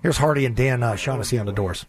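A man co-hosting a sports radio show, chatting casually in an upbeat way with drawn-out fillers. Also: medium pitch. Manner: upbeat, drawn-out fillers when reading ads. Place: radio studio.

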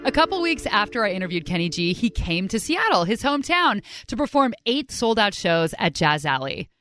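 A woman hosting a podcast, telling stories in an upbeat, chatty, animated way. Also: medium pitch, brisk, soft background music. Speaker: podcast host. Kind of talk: casual storytelling narration.

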